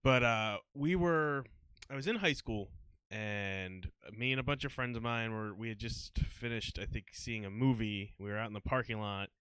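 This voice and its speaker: Young man, podcast guest. Animated, bright storyteller who acts out every quote. Dry, close sound. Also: lowish voice, moderate pace, smooth, no echo. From New Jersey. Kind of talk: casual chat, storytelling.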